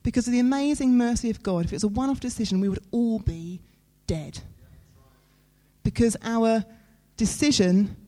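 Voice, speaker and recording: Woman, sermon, mellow tone, earnest, conversational, dramatic pauses. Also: fairly high pitch. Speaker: preacher.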